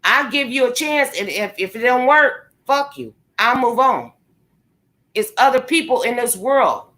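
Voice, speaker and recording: A woman's voice: on the high side, expressive, unhurried, sharp tone. Furious, foul-mouthed woman ranting at a computer. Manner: angry, profane, confrontational. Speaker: vlogger. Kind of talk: heated direct-to-camera rant. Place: indoors at a computer. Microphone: computer microphone.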